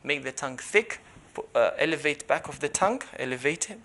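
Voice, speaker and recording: A man teaching a lesson on letter pronunciation, explaining patiently and repeating syllables loudly to demonstrate. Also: a little high, lively intonation, brisk. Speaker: Quran recitation teacher.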